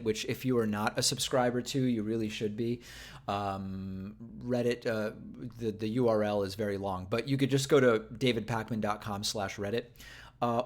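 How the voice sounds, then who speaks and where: A man hosting a political show, chatting casually with viewers on a livestream and thinking aloud with fillers and restarts. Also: mid-range voice.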